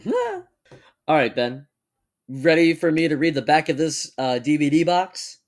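A young man co-hosting a casual chat, joking and laughing often, and reading text aloud at a measured pace. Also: fairly high pitch, very animated. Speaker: podcast co-host.

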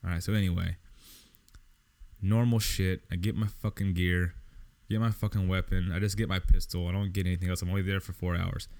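Deep-voiced man in a profane rant. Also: flat delivery, a little fast, a little mellow. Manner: profane, exasperated, lots of swearing. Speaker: podcast host. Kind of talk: casual storytelling rant.

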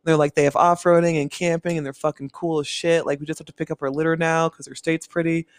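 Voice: mid-range voice, little pitch movement, fast talker, no echo. A young adult co-host in casual chat, giggling often and swearing freely, peppering talk with "like".

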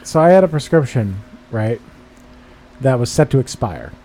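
A man with a mellow, darker voice tells a profanity-laced story into a studio microphone, venting and quoting both sides of the exchange. He talks in a loose podcast chat. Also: mid-range voice, sing-song, normal speed, a little hiss or hum. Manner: profane, exasperated storytelling with quoted dialogue. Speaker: podcast host. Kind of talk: casual chat.

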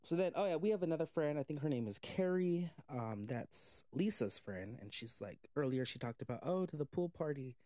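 A movie reviewer retells a film's plot in a loose, rambling way, packed with "like" and the occasional curse word. He tells it with animated energy, slipping into quoted voices. His voice sits a little high and moves at normal speed with hardly any pauses, and the studio-quality recording has no echo.

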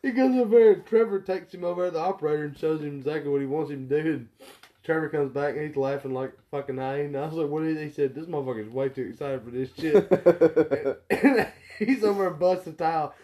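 A man's voice: on the high side, fast. Profane man telling a work story. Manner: profane, animated storyteller who acts out quoted people. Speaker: podcast co-host. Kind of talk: casual storytelling chat.

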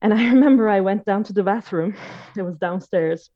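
A woman's voice: medium pitch, a little fast. A woman in her late twenties telling a personal story in casual conversation, hesitant, with many fillers and restarts. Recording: dull lo-fi recording.

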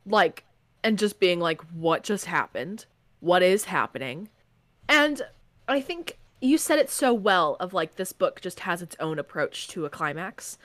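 A woman's voice: medium pitch, a little slow, fairly bright tone, dry recording. A young woman co-hosting a casual book podcast, acting out her reactions dramatically. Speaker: podcast co-host.

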